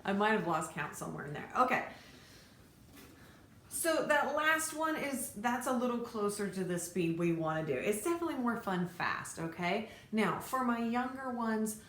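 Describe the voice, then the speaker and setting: A woman's voice: mid-range voice, lively intonation, fairly quick, hardly any pauses, fairly bright tone. A woman teaching fiddle to her students in a casual, encouraging way, counting beats and naming bow strokes aloud. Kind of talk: casual instructional talk to students. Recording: echoey room, faint background noise.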